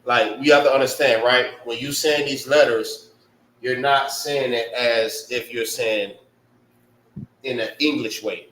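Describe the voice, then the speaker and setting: A man's voice: medium pitch, fairly even intonation, measured pace, fairly bright tone, roomy sound, far from the mic, slight background noise, rough recording. A man teaching a casual language lesson, spelling out sounds and often checking in with "right?".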